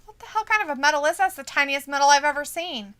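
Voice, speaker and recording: A woman's voice: sits high, rapid-fire, a bit bright. A woman co-hosting a casual live watch-along stream, reading viewer comments aloud, laughing often and swearing casually. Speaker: stream co-host.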